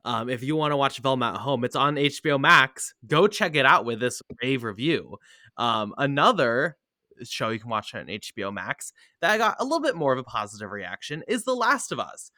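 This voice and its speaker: Man, podcast host, very lively pitch, bright tone, dry close sound. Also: dry recording. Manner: lively, talks in quick bursts with many "um"s. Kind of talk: casual chat.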